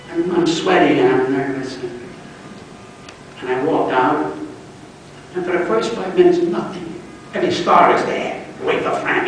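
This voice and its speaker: A man in his eighties telling comic stories to a live room, blunt and ranting, swinging between shouting and muttering. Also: high-pitched, animated, unhurried, long pauses, a little hiss or hum. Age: 80s. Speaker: comedian. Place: large echoey club room. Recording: echoey room, mic at a distance.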